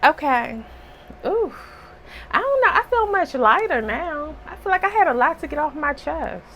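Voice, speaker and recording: A slightly hoarse woman giving a casual spiritual reading, emphatic and preachy, with rhetorical asides. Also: sits high, big pitch swings, moderate pace, fairly bright tone, a little hiss or hum, rough recording. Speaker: spiritual reader.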